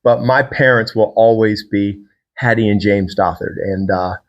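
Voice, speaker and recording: A man's voice: lowish voice, measured pace, lo-fi sound. A man from Virginia, a fitness trainer and podcast host, talking to the camera in a casual, rambling, enthusiastic solo monologue.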